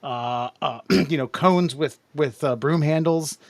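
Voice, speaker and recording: A man's voice: a little high, slow pace, gravelly, dry recording. A man co-hosting a podcast, telling rambling, self-mocking stories in casual chat. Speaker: podcast co-host.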